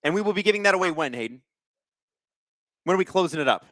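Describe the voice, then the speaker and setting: A man's voice: high-pitched, animated, quick pace, fairly bright tone, no room sound. A young man hosting a live watch-along stream, chatting casually and reading out viewer comments with jokes. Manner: chatty, reads viewer comments aloud, joking. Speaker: livestream host.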